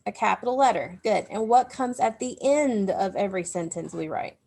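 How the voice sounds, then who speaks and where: A woman's voice: mid-range voice, lively intonation, moderate pace, gravelly, a little mellow. A woman teacher giving a recorded grammar lesson to young children, explaining step by step in a patient way. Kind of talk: recorded remote phonics lesson.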